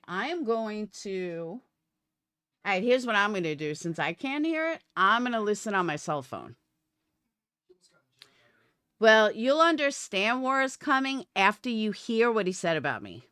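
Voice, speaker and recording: A woman's voice: medium pitch, big pitch swings, normal speed, a bit bright, smooth, dry recording, studio quality. Combative, swearing woman streamer. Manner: profane, combative. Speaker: live streamer. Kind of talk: livestream rant.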